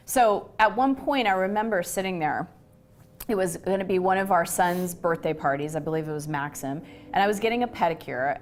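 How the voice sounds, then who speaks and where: A middle-aged woman talks through a personal story in an easy conversational way, her voice sitting a little low. She slips in and out of the voices of the people she quotes, giving the telling an animated feel. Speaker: host.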